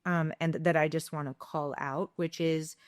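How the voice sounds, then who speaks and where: A woman's voice: low voice, steady tone, normal speed, no room sound, studio quality. A woman co-hosting a parenting podcast, speaking in a thoughtful, affirming way as she sums up her partner's points. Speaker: podcast co-host. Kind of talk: parenting advice chat.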